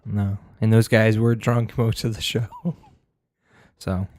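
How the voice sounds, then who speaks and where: A man's voice: fairly low pitch, little pitch movement, takes it slowly, darkish tone, no echo. A man co-hosting a podcast, chatting casually with crude, teasing banter. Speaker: podcast co-host. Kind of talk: casual chat.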